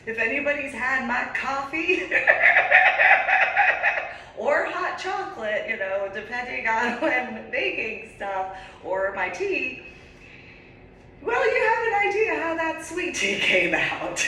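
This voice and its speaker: A vlogger in her forties from New Jersey tells a story casually, animated and laughing often. Her voice sits high, with a slow pace and frequent pauses, recorded in an echoey room far from the mic.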